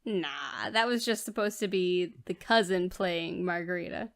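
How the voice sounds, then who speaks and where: A female podcast co-host in relaxed film-review chat. She pushes back with short, dry, wry replies and an easy conversational tone. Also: fairly low pitch, a little slow.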